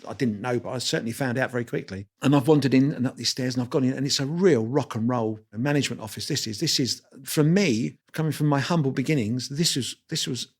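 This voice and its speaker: Guy in his 60s spinning stories, talks super fast, laughs at himself, does all the voices. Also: medium pitch, husky. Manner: lively anecdotal storyteller, acts out dialogue; self-deprecating, laughs while talking. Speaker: guest photographer. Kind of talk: storytelling interview.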